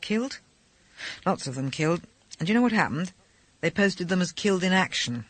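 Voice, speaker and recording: Eager, gossipy young pilot , read by a male narrator, storybook reading, lively delivery. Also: high voice, brisk, no echo. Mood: gossiping.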